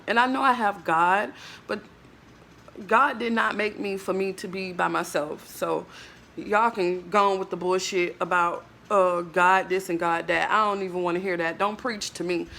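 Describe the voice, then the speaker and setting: A woman's voice: on the low side, fairly even intonation, moderate pace, vocal fry, a bit bright, slight background noise. A woman vlogger in an emotional monologue to camera, ranting in a blunt, emphatic, profane way and leaning on fillers like "like, bruh".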